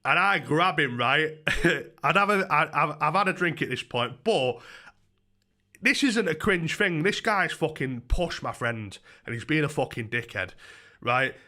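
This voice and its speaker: A young man tells a story on his livestream, swearing freely and tripping over restarts. His voice sits a little high, bright and forceful. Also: a little slow. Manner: profane, excitable, rambling with many restarts. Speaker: YouTuber streamer.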